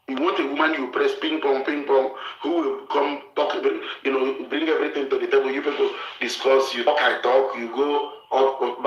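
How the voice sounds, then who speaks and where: Man lecturing hard on relationships, bright edge, roomy echo. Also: medium pitch, dull audio, slight background noise. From Africa. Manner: forceful, lecturing, repeats himself. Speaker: show host giving relationship advice. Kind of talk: blunt advice talk.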